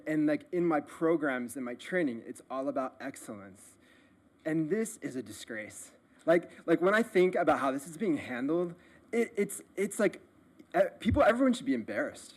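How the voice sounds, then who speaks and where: Indignant man with a raised pitch. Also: expressive, normal speed. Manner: indignant, emphatic, many restarts. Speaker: public commenter. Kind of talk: public comment at a council meeting. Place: city council chamber.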